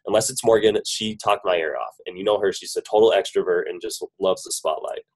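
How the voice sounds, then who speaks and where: Guy with a cold, lowish voice, chatty hype talk on a team call, jokes around. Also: fairly quick, a little mellow, slightly rough, low-quality recording. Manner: upbeat, chatty, joking praise. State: has a head cold. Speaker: business team leader on a coaching call. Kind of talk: casual conference-call pep talk. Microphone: phone conference call.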